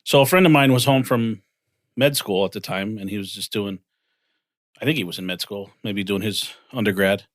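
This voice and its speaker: His voice sits a little low and moves at an ordinary pace as he narrates his career in a relaxed interview. The man, in his forties and a financial firm co-founder, animatedly performs the words of others in quotes. Audio is studio-clean with no echo.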